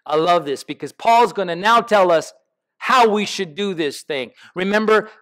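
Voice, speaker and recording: Pastor, man with a high voice, preaching to his congregation in a church, emphatic and questioning. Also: normal speed, a bit bright. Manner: asks the congregation questions, builds emphatic lists. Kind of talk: sermon. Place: church sanctuary.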